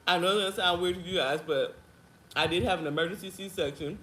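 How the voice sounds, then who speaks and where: Animated chatty woman in an echoey room. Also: lowish voice, brisk, slight background noise. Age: 30s. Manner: animated, chatty, laughs often, calls viewers girl and honey. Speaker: vlogger. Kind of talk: casual chat to camera. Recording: echoey room with faint ambience.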